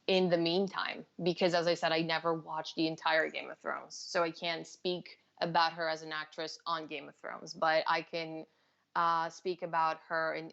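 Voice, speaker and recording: A woman guest on a casual live stream, giving her opinions in an earnest, measured way. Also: deep voice, fairly bright tone, muffled recording.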